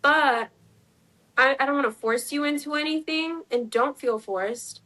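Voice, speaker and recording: A woman's voice: sits high, a little slow, sharp tone, rough recording. A woman in her twenties, an interview guest, telling a personal story in a chatty way, acting out what people said and using lots of fillers. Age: 20s. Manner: chatty, acts out quoted dialogue, many "like" fillers.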